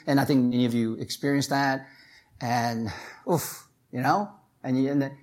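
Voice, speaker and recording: A pastor preaching a sermon in a conversational way, often checking in with "right?" and "you know?", and climbing in pitch and force to stress key points.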